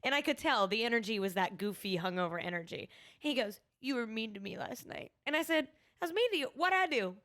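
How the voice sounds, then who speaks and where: A woman, co-hosting a podcast and telling stories in a giggly, animated way. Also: fairly high pitch, quick pace. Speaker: podcast co-host. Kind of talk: casual chat.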